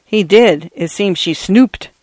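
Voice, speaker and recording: A man's voice: high-pitched, takes it slowly, a little mellow, no room sound, voice pushed up. A man voicing a genial, gossipy male priest in his fifties, telling stories in an easygoing way. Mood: chatty. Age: 50s. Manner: easygoing, anecdotal.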